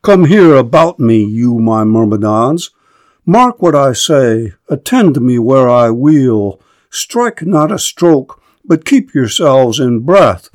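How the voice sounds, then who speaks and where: A man's voice: mid-range voice, very animated, slow, darkish tone, no echo. A man reading the part of a proud, scornful Greek warrior in formal verse. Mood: commanding.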